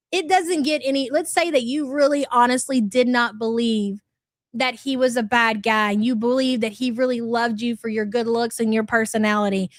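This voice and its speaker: High-voiced woman giving sarcastic commentary. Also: no echo, clean studio sound. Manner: sarcastic, exasperated, reads chat aloud. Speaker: commentary YouTuber. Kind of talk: reaction commentary.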